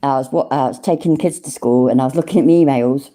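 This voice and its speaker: A woman's voice: a bass voice, fast talker, mellow. A woman in her forties hosting a livestream, a little tipsy, chatting casually, swearing freely and laughing often. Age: 40s. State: tipsy from drinking. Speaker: livestream host.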